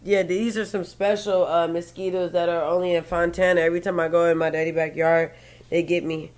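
A woman's voice: fairly low pitch, little pitch movement, fairly quick, darkish tone. A woman in casual chat who is laid-back and chimes in with short remarks and laughter. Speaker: podcast co-host.

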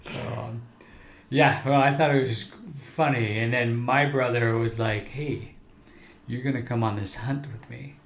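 Easygoing guy, mid-pitched voice. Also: steady tone, a little slow, slight background noise. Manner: easygoing, laughs while talking, lots of "like". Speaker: podcast co-host. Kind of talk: casual chat.

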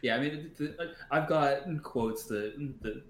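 Stumbling, roomy-sounding male podcaster. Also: mid-range voice. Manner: halting, many restarts and stumbles; swears freely, laughs often. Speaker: podcast co-host. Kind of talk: casual chat.

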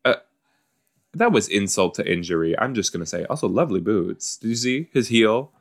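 A man's voice: fairly low pitch, animated, normal speed. A man hosting a casual watch-along podcast, reacting chattily to a show with lots of likes and you-knows. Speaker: podcast host reacting to an episode.

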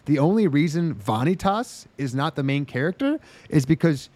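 A man's voice: on the high side, animated, moderate pace, a little mellow, dry recording. A man hosting a casual podcast, recapping with sarcastic, profane rants and mocking put-on voices. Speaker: podcast host.

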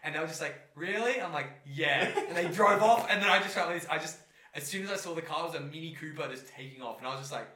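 A man's voice: fairly high pitch, quick pace, echoey room, recorded from a distance, slight background noise. A young man in casual podcast chat, telling stories with swearing and slang and acting out the voices of people he met. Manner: animated storytelling, swearing slang, acts out voices.

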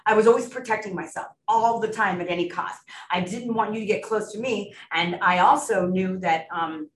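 A woman's voice: medium pitch, normal speed, a little hiss or hum. A middle-aged woman giving a personal testimony at a support meeting, earnest and emotional, laughing often. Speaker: recovery meeting speaker. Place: meeting room. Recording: echoey room, recorded from far off.

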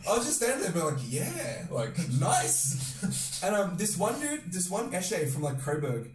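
A young man hosting a podcast, telling a long rambling story with lots of swearing and loudly acted-out quotes. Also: sits high, sing-song, a little fast, soft background music. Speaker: podcast host. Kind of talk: casual storytelling chat. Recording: echoey room, distant mic.

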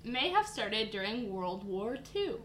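A woman's voice: mid-range voice, sing-song, takes it slowly, a bit bright. A young woman co-hosting a podcast in casual chat, laughing and plainly explaining facts. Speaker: podcast co-host. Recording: echoey room with faint noise.

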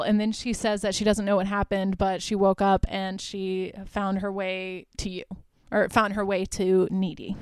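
A woman's voice: medium pitch, darkish tone, clean tone, no room sound. A woman hosting a podcast, recapping a movie in a chatty, irreverent way and swearing freely. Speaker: podcast host. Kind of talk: casual solo movie recap.

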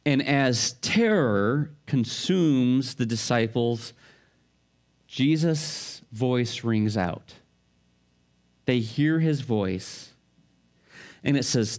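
A man's voice: medium pitch, lively intonation, slow pace. A middle-aged male pastor giving a sermon in a conversational way, full of rhetorical questions and family stories.

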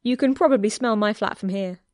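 A cheeky young neighbor with tattoos, light and teasing in his talk, voiced by a woman reading a story aloud. The lines come with easy mischief at a middling pitch. The room is dry and close. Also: brisk, a little mellow, no echo, close to an everyday voice. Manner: playful, teasing. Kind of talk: audiobook character reading.

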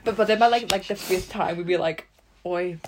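A woman's voice: on the low side, fairly quick, over a noisy crowd. A young woman co-hosting a podcast, chatting casually and rambling with lots of fillers. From Australia. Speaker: podcast co-host. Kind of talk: casual chat.

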